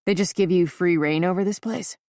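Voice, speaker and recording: A woman's voice: fairly low pitch, a little fast, a little mellow, no echo, clean studio sound, close to an everyday voice. A woman voicing a tall, chained male prisoner who mocks and taunts in a casual drawl. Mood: taunting.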